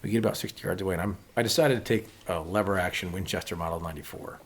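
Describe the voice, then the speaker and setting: A man in his thirties, a podcast guest telling hunting stories in a casual, animated way. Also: sits low, very fast, a little hiss or hum. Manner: animated, acts out quotes of others. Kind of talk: casual storytelling.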